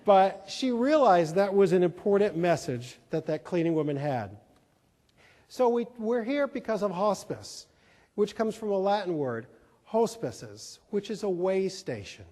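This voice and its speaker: Keynote speaker, man, high voice, folksy humor, reverberant hall. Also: very animated, unhurried, warm tone. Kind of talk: storytelling conference talk. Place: large conference hall.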